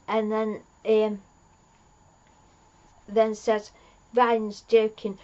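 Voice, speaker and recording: Slow-talking chatty woman. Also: medium pitch, completely flat delivery, muffled recording. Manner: rambling, chatty, laughs at own jokes. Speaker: fan reviewer. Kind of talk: casual episode recap.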